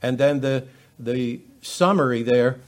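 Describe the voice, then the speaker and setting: A man preaching a verse-by-verse Bible lesson, talking in a halting way with many fillers and restarts. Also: mid-range voice. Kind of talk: expository Bible teaching.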